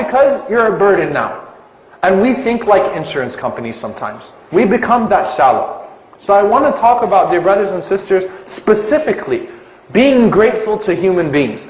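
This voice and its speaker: A man's voice: high voice, roomy sound, poor audio. A man giving an Islamic lecture to a live audience, asking them questions and stretching out key terms for emphasis.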